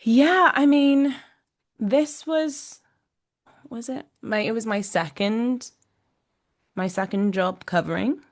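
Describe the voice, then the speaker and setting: A young woman musical theatre actor chatting in an interview, talkative and quick to laugh, with lots of fillers. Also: fairly high pitch. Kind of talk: casual interview chat.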